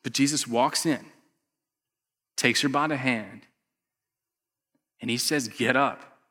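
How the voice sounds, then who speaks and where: A man preaching a conversational sermon, acting out characters and swinging from loud bursts to hushed asides. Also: mid-range voice, slow. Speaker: pastor. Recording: echoey long hall reverb.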